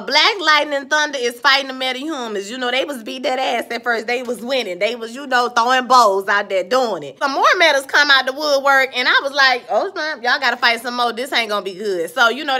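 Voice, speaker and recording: A woman, giving a casual, animated recap of a TV episode with playful asides. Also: high voice. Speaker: TV episode reviewer.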